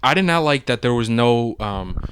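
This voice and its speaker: A man's voice: mid-range voice, expressive, normal speed, fairly bright tone, slight background noise. A man co-hosting a podcast, chatting casually and animatedly through a movie spoiler review, laughing often and acting out quotes. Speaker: podcast co-host.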